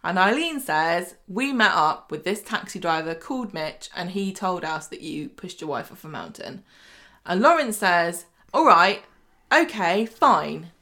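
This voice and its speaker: A woman's voice: fairly low pitch, lively intonation, normal speed, a bit bright. A woman co-hosting a casual chat show, recapping episodes in a chatty way and often laughing. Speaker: podcast co-host recapping a soap.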